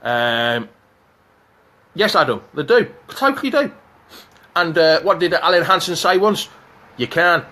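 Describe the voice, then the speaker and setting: A man with a fairly high voice hosts a live fan stream. He chats in an excitable, jokey way and answers viewers' comments as they come in. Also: unhurried, pauses often. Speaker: fan channel host.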